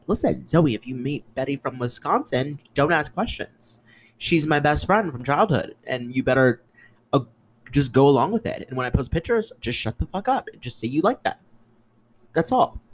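A man's voice: a little hiss or hum, low-quality recording. Chatty, profane young man hosting a podcast. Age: 20s. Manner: chatty, profane, sarcastic, with shrill mocking put-on voices. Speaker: podcast host. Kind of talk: casual solo podcast chat.

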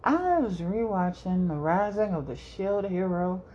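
A woman's voice: fairly low pitch, lively intonation, a little slow, dark tone, muffled recording. A young woman hosting a solo podcast, rambling casually, swearing freely and laughing often. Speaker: podcast host.

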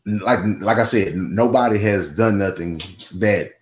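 A man's voice: lowish voice, measured pace. A man talking in a casual podcast conversation, rambling with many restarts and asides. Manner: rambling, with many restarts and "you know what I'm saying". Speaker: guest. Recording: roomy echo.

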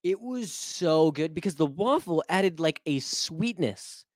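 A man's voice: on the high side, lively intonation, unhurried. A man co-hosting a casual podcast, trading jokes and laughing often. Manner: laughing, jokey banter. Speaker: podcast co-host. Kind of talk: casual chat.

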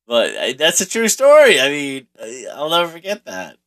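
Here the middle-aged man's voice is fairly high and a bit bright, its pitch swooping wildly as he talks without hurry. It's a casual monologue: a rambling, profane personal story full of fillers and false starts.

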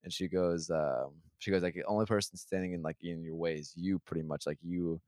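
A man's voice: sits low, fairly even intonation, a little fast, a little mellow, no echo, studio quality. A young man telling a rambling, profane story in a casual podcast chat. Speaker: podcast co-host.

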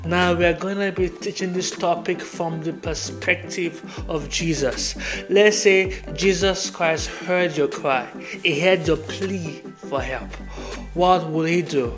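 A man's voice: fairly high pitch, takes it slowly, over music. A man preaching a devotional podcast sermon, earnest and repetitive, reading Bible verses aloud.

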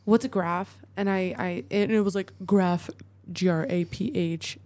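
A woman's voice: on the low side, steady tone, unhurried, dark tone. A woman co-hosting a casual podcast, chatting and joking about a word she looked up. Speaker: podcast co-host. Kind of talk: casual chat.

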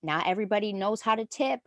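A woman's voice: mid-range voice, dry recording, studio quality. A young woman and former server in casual chat, joking and emphatic, swearing freely.

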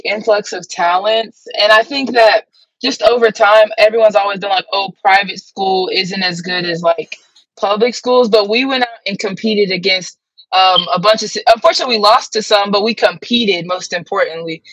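A woman's voice: medium pitch, moderate pace, no echo, poor audio. A young woman athlete answering interview questions in a chatty, upbeat way, full of "like" fillers. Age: young adult. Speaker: guest athlete. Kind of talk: casual interview.

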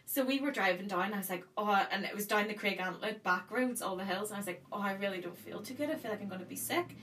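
A woman in her thirties with a Northern Irish accent, telling a story in casual chat and acting out the quotes with lively energy. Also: mid-range voice, fast. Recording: distant mic with faint noise.

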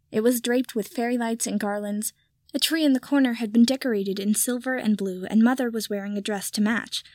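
Woman reading fanfic out loud, steady, kinda high voice, dry close sound. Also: no room sound. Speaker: podfic reader. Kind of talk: audiobook narration of fan fiction.

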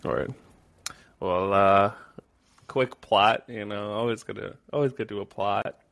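Gravelly low-voiced man, laughing often. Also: fairly even intonation, measured pace, a bit bright, no echo. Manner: laughs often, recaps scenes loosely. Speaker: podcast co-host. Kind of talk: casual chat.

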